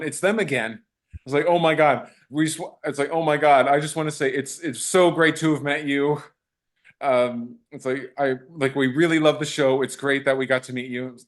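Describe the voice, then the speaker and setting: A man, an actor being interviewed, telling fan encounters in a casual, animated way, acting out quotes and restarting sentences. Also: mid-range voice.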